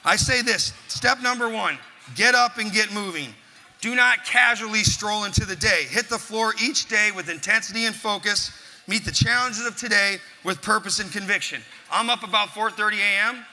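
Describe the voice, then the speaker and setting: A man's voice: high-pitched, normal speed, sharp tone. A man giving a motivational speech at an event, telling a punchy story and driving his points home with force. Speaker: motivational speaker. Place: large event hall. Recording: echoey hall, faint crowd ambience.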